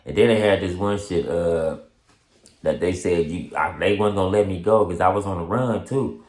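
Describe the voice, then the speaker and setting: A man telling a story in casual street slang, laughing often and acting out quotes in high excited voices. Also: normal speed, echoey room. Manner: heavy street slang and profanity. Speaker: storyteller vlogger.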